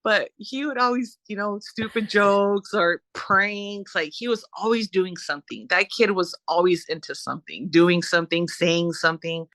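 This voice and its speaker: A woman's voice: fairly low pitch, normal speed, few pauses, dry recording. Chatty woman guest telling stories. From Southern California. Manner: animated, rambling storyteller with fillers. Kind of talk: conversational storytelling.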